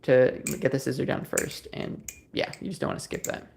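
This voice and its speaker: A man's voice: mid-range voice, flat delivery, brisk, creaky, noisy background. A man hosting a casual livestream, reading viewer comments aloud and answering them in an easygoing, rambling way. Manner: rambling, easygoing, many fillers and restarts. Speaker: livestream host.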